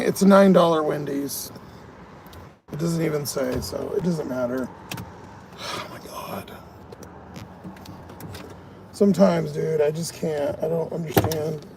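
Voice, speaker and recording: A man's voice: on the high side, gravelly, dark tone. A man working as a food delivery driver, venting and swearing in frustration on a live stream from inside his car. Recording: car ambience noise.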